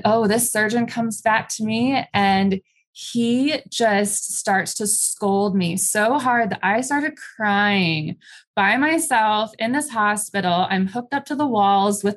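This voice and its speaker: Candid woman telling her story. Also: medium pitch. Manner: candid, conversational, with frequent ums and likes. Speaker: interview guest. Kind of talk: candid personal storytelling in an interview.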